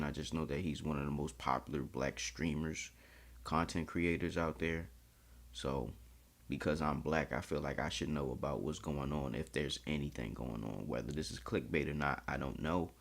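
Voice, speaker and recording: A man with a deep, low voice hosting a reaction video. He talks in a candid, chatty way and swears freely. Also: normal speed, creaky. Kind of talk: casual reaction commentary.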